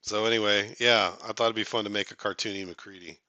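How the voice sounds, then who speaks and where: A man's voice: on the low side, steady tone, quick pace, pushed and bright, no room sound. A man hosting a casual live stream, chatting with viewers in a rambling, joking way, full of fillers and restarts.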